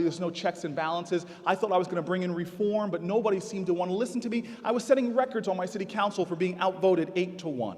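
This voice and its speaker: A man speaks at a commencement with a notably high voice. He tells candid, emphatic stories from the podium. His words ring out with a long reverb that fills a large venue. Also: a little mellow. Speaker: commencement speaker, city mayor. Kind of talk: commencement address.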